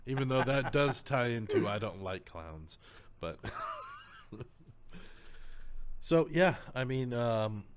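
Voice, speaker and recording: A man in his thirties co-hosting a casual podcast, teasing and joking as he talks. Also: mid-range voice. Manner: joking, quick to tease. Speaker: podcast co-host. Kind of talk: casual chat.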